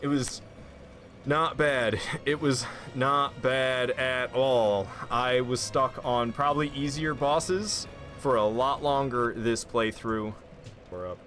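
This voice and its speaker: A man's voice: mid-range voice, slow. A man giving play-by-play commentary on a boss fight in a video game. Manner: calm play-by-play, perking up at big moments. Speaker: gameplay commentator. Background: game music.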